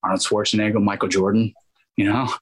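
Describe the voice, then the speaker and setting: A man, an actor guest in an interview, telling animated stories and acting out quoted dialogue in other voices. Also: on the low side, quick pace, breathy edge, low-quality recording. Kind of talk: casual interview storytelling.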